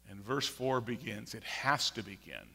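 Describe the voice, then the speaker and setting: A man preaching a sermon with emphatic, repeated phrases, swinging from quiet to loud. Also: lowish voice, expressive, normal speed, vocal fry. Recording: long hall reverb.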